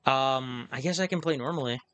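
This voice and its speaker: Bright-voiced man streaming and thinking aloud. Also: medium pitch, brisk, clear, resonant tone. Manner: chatty, thinking aloud, self-amused. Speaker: game streamer. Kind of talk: casual live-stream commentary.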